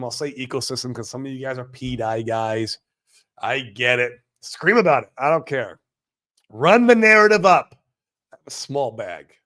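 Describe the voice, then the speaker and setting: Brash and profane, a man with a mid-range voice runs a casual crypto livestream, veering from loud hype to mumbled asides while reading chat comments.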